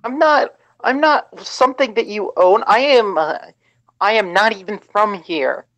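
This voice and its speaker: A woman playing in a tabletop game, given to loud, indignant outbursts. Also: mid-range voice, animated, a little slow. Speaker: player. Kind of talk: casual tabletop role-play.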